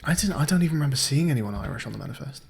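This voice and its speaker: A man's voice: mid-range voice, lively intonation, rapid-fire, vocal fry, darkish tone, husky. A young man streaming a puzzle game, thinking aloud in a chatty, hesitant way with lots of ums. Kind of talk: casual let's-play commentary.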